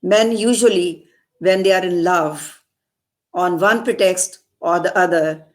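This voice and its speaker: A woman reciting a poem and explaining it, repeating lines slowly for emphasis. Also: on the low side. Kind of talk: poetry recitation with commentary.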